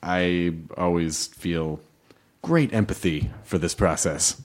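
A man's voice: low voice, slow pace. Rambling, jokey male podcast host. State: strained voice from yelling. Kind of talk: casual interview chat.

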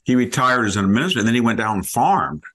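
A man's voice: medium pitch, expressive, racing, a bit bright. A man hosting a podcast, telling rambling anecdotes in casual conversation and often breaking off mid-word. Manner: rambling anecdotes, self-interrupting. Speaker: podcast host.

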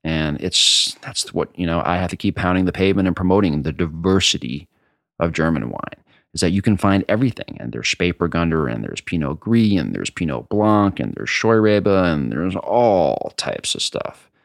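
A man's voice: deep voice, animated, moderate pace, gravelly, dry recording, studio quality. A man who imports wine, speaking in an interview in a passionate, emphatic and combative way. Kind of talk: interview answer.

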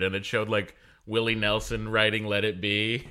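A man's voice: fairly low pitch, little pitch movement, normal speed, pushed and bright, clean tone. A man chatting as a podcast guest, telling a story earnestly. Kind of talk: casual comedic chat.

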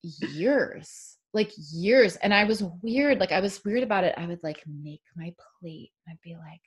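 This is casual podcast talk from a female author who wanders in her answers, says "like" often, and keeps starting sentences over. She has a husky, lowish voice and a measured pace.

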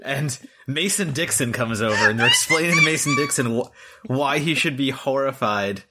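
A man's voice: mid-range voice, huge pitch swings, moderate pace, very noisy. A man co-hosting a podcast, talking casually about a movie and retelling scenes with quoted lines. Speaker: podcast co-host.

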